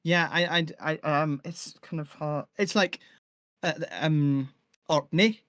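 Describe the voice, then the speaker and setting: A man's voice: fairly high pitch, takes it slowly, a bit bright, no echo, studio quality. A man hosting a live-streamed chat about audio drama, rambling and enthusiastic with many restarts. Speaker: host and audio drama maker.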